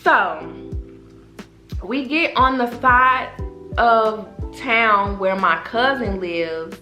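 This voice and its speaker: Young woman vlogger spilling a story, bright high voice, cussing, echoey room. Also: extremely slow. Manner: animated, profane, addresses viewers as y'all. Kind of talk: casual storytime. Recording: roomy echo, faint background music.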